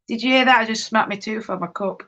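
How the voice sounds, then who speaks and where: A woman's voice: a little high, normal speed, pushed and bright, dull audio. A woman hosting a live stream, chatting casually while knitting and answering viewer comments, laughing often. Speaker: livestream host.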